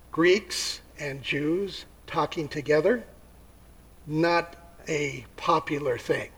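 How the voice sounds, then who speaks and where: A man preaching a sermon, telling the story with lively acted-out voices and asking his listeners questions. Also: a little high, takes it slowly, rough recording. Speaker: pastor.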